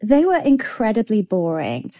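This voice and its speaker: A woman's voice: medium pitch, wildly swooping pitch, normal speed, vocal fry, mellow, no echo, lo-fi sound. A woman screenwriter answering interview questions in a chatty way, using plenty of fillers. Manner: chatty, with many "like" and "kind of" fillers. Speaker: guest screenwriter.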